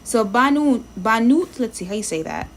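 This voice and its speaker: Chatty woman streamer with a slightly high voice. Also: lively intonation, moderate pace. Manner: chatty, thinks aloud, greets viewers in the chat; reads lesson text aloud, sounding words out. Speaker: live-streamer learning languages. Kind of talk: casual live-stream commentary.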